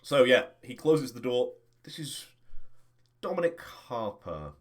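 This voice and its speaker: Running a tabletop game, a male game master narrates slowly in a relaxed, chatty manner, his mid-range voice full of fillers.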